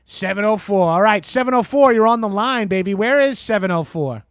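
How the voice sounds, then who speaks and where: This high, animated voice runs a little fast and sounds a bit bright and smooth, with clean studio sound and no echo. The man is in character as a swaggering, crude Long Island radio host on an improvised comedy call-in show, boasting and swearing a lot and saying "bro" while taking calls.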